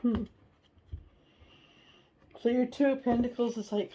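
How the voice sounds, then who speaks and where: Woman tarot reader, warm mellow voice, casual and blunt, faint hiss behind her. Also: on the high side, measured pace, rough recording. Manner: chatty and animated, acts out inner voices; blunt, swears now and then.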